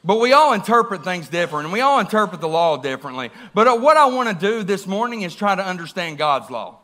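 Man, preacher in a church, lively sermon, keeps asking the congregation questions, high voice, bright tone. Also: fast talker. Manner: animated, asks the congregation questions.

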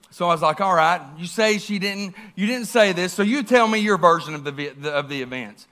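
A man's voice: high-pitched, animated, normal speed, hardly any pauses, bright, forceful tone. A man, preaching a sermon and telling a story, acting out the quotes with big swings in voice. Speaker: pastor.

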